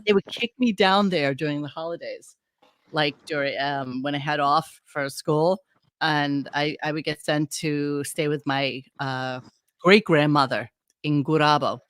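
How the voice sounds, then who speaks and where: A woman's voice: deep voice, fairly even intonation, no room sound. A woman from Brooklyn telling stories in a casual online chat over a video call, loose and full of "like"s. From Brooklyn, New York. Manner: chatty storyteller, many "like"s, quick to laugh.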